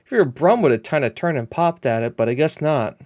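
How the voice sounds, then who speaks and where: A man chatting casually over his own gameplay, rambling through his thoughts and breaking into excited shouts when the action heats up. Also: fairly high pitch, a little fast. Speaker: gameplay commentator. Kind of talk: casual let's-play commentary.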